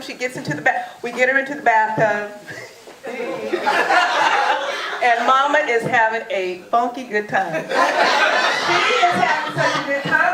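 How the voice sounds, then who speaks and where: A woman's voice: high-pitched, very noisy. A woman giving a birthday toast at a family party, telling a story animatedly and acting out the voices she quotes, with frequent laughter. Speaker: daughter giving a birthday speech. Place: party hall. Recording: echoey hall with crowd.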